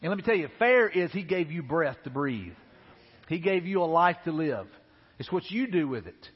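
A man's voice: on the high side, big pitch swings, moderate pace, slightly rough, long reverb tail, highs cut off. A man preaching a sermon as a pastor, talking to the congregation in a loose, conversational way with repeated asides. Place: church sanctuary.

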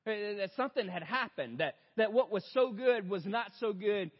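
A man's voice: sits high, expressive, normal speed. Man preaching in an echoing hall. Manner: storytelling, addresses audience as "you guys"; swings from loud outbursts to hushed reflection. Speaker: pastor. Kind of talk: sermon. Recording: dull lo-fi sound in a big reverberant hall.

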